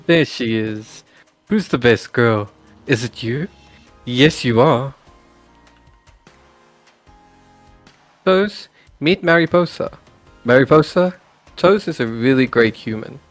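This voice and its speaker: A man voices an easygoing young surfer in a video game, relaxed and quick to cheer someone on. His voice sits at an ordinary middle pitch and he sounds content and friendly, with soft game music underneath. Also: no room sound, close to an everyday voice. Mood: affectionate. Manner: relaxed, upbeat and encouraging. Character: easygoing young male surfer date with a dog.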